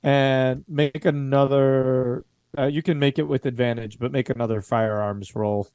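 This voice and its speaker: A man running a tabletop game as game master, describing the action in a measured way. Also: mid-range voice, fairly even intonation, darkish tone, smooth, no echo.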